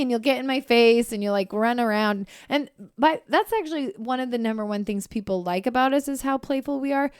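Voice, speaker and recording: A woman co-hosting a podcast, chatting casually in a bubbly, animated way and laughing easily. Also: fairly high pitch, a little fast, hardly any pauses, clear, resonant tone, no echo, clean studio sound. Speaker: podcast co-host and counselor. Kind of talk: casual chat.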